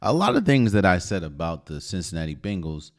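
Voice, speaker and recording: Low-voiced man with animated delivery. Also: brisk. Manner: opinionated, emphatic, with sudden loud rises and quiet asides. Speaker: podcast host. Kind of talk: solo sports commentary podcast.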